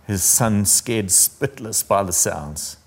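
Low-voiced earnest male pastor. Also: animated, slow, slightly rough. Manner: earnest, intimate preaching, dropping to a near-whisper. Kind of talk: sermon.

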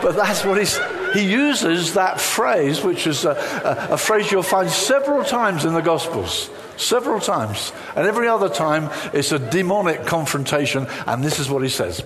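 A man preaching a sermon in an animated, humorous way, acting out the lines he quotes. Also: fairly high pitch, moderate pace, big-room sound, a little hiss or hum.

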